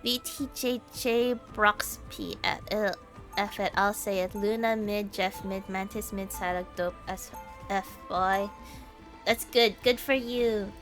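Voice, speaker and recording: Streaming games and chatting easily, this Filipina speaks with a Filipino accent and laughs often as she tells her stories. Her mid-range voice moves slowly with fairly even intonation and a fairly bright tone. Soft music plays behind her.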